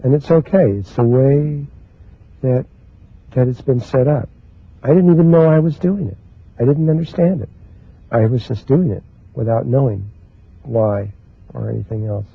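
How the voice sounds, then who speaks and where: Slow, halting man on lo-fi audio. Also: medium pitch, no echo. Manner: slow, halting, with many pauses and restarts. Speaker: spiritual teacher. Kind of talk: spiritual talk. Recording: husky, dry, phone-like lo-fi recording.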